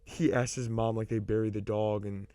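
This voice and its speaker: A man's voice: lowish voice, little pitch movement, normal speed, mellow, clean tone, no echo. A young man co-hosting a podcast in casual chat, rambling with lots of fillers and swearing freely. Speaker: podcast co-host.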